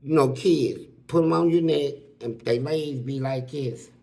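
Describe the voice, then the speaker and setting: A man casually telling stories from prison, animated and full of street slang, acting out what other people said. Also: mid-range voice, measured pace, creaky. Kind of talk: casual storytelling.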